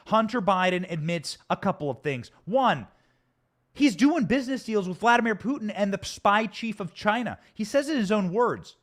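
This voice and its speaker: A man with a fairly high voice rants through his political commentary, angry and emphatic. He pushes every point with theatrical force, and he speaks from a studio. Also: fairly bright tone. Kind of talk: heated political commentary rant.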